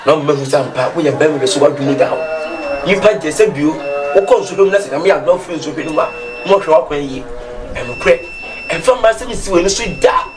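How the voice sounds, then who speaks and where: A man's voice: on the high side, expressive, fast, recorded from a distance, over music. A man acting in a comedy sketch, scolding and lecturing another character.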